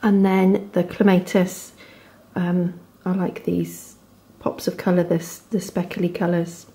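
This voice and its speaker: A woman in her thirties with a Devon accent, chatting casually at home as a knitting vlogger, gushing softly over her yarn. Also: lowish voice, level tone, takes it slowly. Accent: Devon English. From England. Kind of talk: casual chat to camera. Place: home, indoors.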